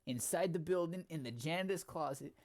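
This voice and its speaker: Guy reading as a scheming crime boss type, flat and matter-of-fact, slightly raised voice. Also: on the high side, a little fast, pitched above the performer's own voice, natural voice. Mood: curt. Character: cold scheming male crime planner.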